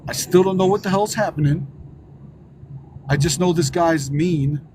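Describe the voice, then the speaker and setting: High-voiced joking man. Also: moderate pace, noisy background. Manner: joking, crude, interrupts with questions. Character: undead entertainer persona. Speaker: host. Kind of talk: casual live-stream chat.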